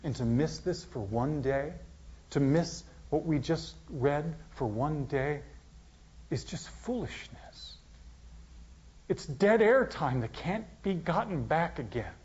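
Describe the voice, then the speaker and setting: A male pastor preaching a sermon, swinging from loud emphasis down to near-whispers. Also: on the high side, expressive, unhurried. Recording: dull, lo-fi sound.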